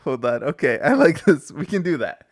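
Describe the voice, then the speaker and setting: A man co-hosting a podcast in casual chat, his voice raspy and hoarse from fasting, telling stories with bursts of laughter. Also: a little high. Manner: animated storyteller, laughs mid-sentence. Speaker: podcast co-host.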